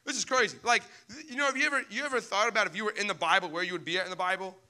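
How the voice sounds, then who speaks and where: A young man preaching a sermon as pastor, animated and storytelling, putting on squeaky panicked voices for the people in his stories. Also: very fast.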